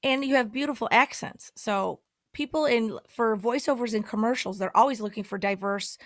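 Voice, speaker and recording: A young American woman chatting as a guest, her voice pitched a bit high. She sounds eager and generous with praise, and the recording is dry and close with no room around it. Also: normal speed, no room sound. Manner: enthusiastic, complimentary, laughs easily. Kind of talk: casual livestream chat.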